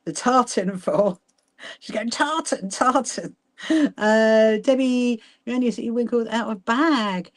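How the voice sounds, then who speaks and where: A woman's voice: a little high, fairly even intonation, a little slow. Chatty woman hosting a sewing livestream. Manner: chatty, greets viewers by name, laughs often. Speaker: livestream host. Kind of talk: casual livestream chat while sewing. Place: sewing room at home.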